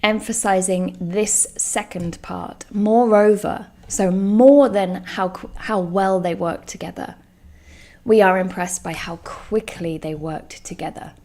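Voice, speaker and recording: A woman teaching a live online English lesson, speaking clearly and stressing each example word. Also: medium pitch, dark tone. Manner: slow, clear and emphatic, stresses example words.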